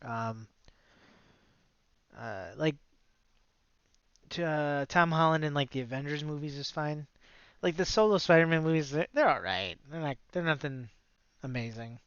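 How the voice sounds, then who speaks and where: A man's voice: a little high, measured pace, pauses often, fairly bright tone, smooth, no room sound, dull audio. A man co-hosting a podcast in casual chat, blunt and opinionated, swearing freely and laughing often. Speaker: podcast co-host.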